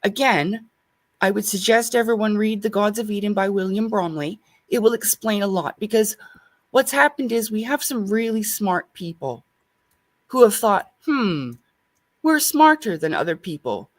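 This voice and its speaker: This is an earnest woman with a voice at an ordinary middle pitch. She speaks reflectively and sincerely, as a guest in a relaxed spiritual discussion. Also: normal speed.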